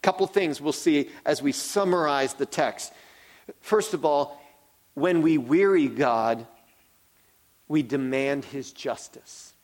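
Slow, earnest man preaching a sermon. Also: fairly high pitch. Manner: earnest, repeats key phrases for emphasis. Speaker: pastor.

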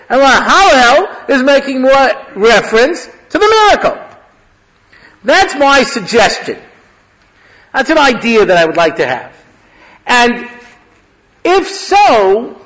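A rabbi gives a conversational, lecture-style Torah class, weaving Hebrew phrases into his teaching. His voice is high and a bit bright, and the recording is rough.

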